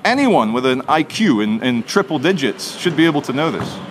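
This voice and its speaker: A man's voice: mid-range voice, a little fast, background noise. A man filming in a city street, cheekily arguing with security staff about his right to film. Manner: cheeky, argumentative, animated. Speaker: street filmmaker. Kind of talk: confrontational street chat. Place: outdoors in a city plaza.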